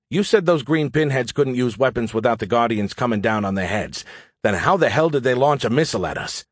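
A man's voice: mid-range voice, lively intonation, normal speed, no room sound, studio quality. A man narrating an audiobook in the first person, with a blunt, sardonic manner.

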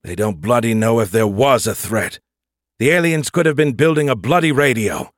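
A man's voice: medium pitch, expressive, normal speed, no echo, studio quality, natural voice. A man voicing a reserved, stern British male soldier who leads a team, with a British accent and a clipped manner. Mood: angry.

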